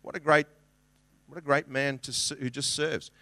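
A man's voice: mid-range voice, steady tone, moderate pace, bright, forceful tone, no room sound. A middle-aged man preaching a sermon as a pastor, in a conversational, earnest way with restarts and acted-out quotes.

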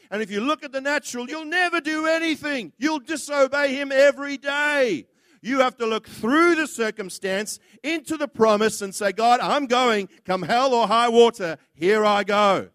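High-voiced man preaching a blunt sermon. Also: fairly bright tone, dry recording, studio quality. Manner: blunt, impassioned preaching with acted-out quotes.

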